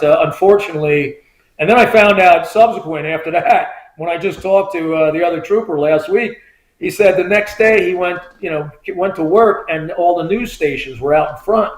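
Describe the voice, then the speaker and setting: A middle-aged man with a fairly high voice spins a rambling story as a podcast guest. He leans on "you know" and "I mean" and acts out the voices he quotes. His voice bounces around an echoey room. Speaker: podcast guest, former state trooper. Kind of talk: casual storytelling.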